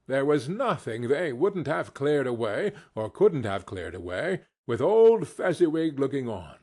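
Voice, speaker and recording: A man narrating a classic novel as an audiobook, reading in an expressive, unhurried way. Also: mid-range voice, slightly rough. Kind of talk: scripted narration.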